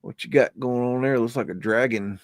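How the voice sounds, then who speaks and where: A rambling man with a drawl talks through pictures in a loose, unhurried way, his voice sitting at an ordinary middle pitch. The sound is close and dry, with no room around it. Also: no room sound. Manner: rambling, scolds his dog in a rough drawl. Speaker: host of a live stream. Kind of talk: casual live commentary over old photos.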